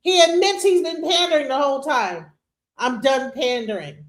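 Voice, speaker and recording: A woman hosting a reaction show, commenting in an animated, incredulous and emphatic way. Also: high-pitched, normal speed. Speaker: host.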